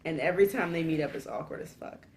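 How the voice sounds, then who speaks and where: Female podcast regular, slightly low register, expressive and profane storyteller. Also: quick pace, a little hiss or hum. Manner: animated storytelling, swears a lot, laughs mid-sentence. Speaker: podcast co-host. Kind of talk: casual chat.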